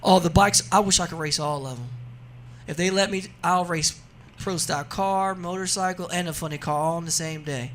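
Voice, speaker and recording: A man's voice: on the high side, normal speed, slight background noise. A man guest on a radio talk show, chatting casually and animatedly, laughing often and telling stories. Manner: animated storyteller, laughs often, says "you know what I mean". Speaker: racing guest. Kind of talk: casual radio interview chat.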